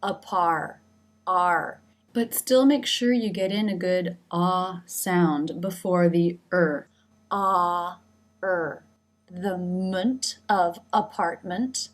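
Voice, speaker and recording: A woman's voice: lowish voice, slow, few pauses, a little mellow. A woman narrating a pronunciation lesson, speaking carefully and demonstrating each sound. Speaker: pronunciation teacher. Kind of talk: scripted instructional narration.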